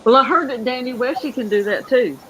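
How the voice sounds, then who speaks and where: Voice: medium pitch, brisk, background noise. A panel guest chiming in with short, friendly comments during a casual chat. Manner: brief, friendly interjections.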